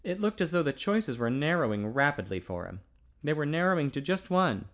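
A man narrating a novel aloud in an expressive way. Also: fairly quick. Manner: expressive, pitch swinging widely. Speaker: audiobook narrator.

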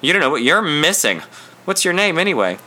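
A man voicing a bold, confident young male hitchhiker in his early twenties, warm and friendly but far too sure of himself. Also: a little high, sing-song, a little fast, pitched above the performer's own voice, full character voice. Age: 20s.

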